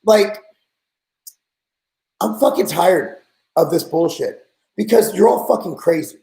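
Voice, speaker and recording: High-voiced man ranting bluntly. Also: lively intonation, measured pace, creaky, warm tone, reverberant, poor audio. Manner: blunt, profane, exasperated ranting. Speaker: podcast host. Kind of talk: casual podcast rant.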